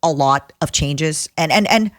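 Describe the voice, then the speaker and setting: A woman co-hosting a podcast, chatting casually and speaking in a heartfelt, halting way while tearful. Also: deep voice, no echo, clean studio sound. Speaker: podcast co-host. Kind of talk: casual chat.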